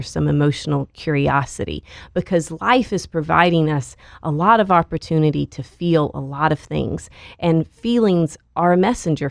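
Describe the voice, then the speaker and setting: A woman who is a licensed counselor, calmly explaining coping skills as a podcast guest. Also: sits low, vocal fry, no room sound, clean studio sound. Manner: calm, measured explaining. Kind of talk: podcast interview.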